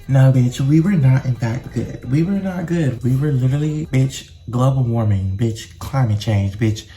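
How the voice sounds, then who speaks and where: Mellow-voiced young man telling a storytime. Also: mid-range voice, moderate pace. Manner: animated, dramatic, slangy and profane. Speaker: vlogger. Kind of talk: casual storytime.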